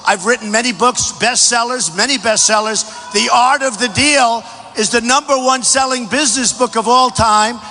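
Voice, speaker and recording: A man delivers a rally speech in a high, bright voice that rings through a huge hangar with a long echo. He is boastful and repeats himself, and he often rises to a shout. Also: moderate pace. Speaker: presidential candidate. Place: large packed hangar. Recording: echoey hangar hall.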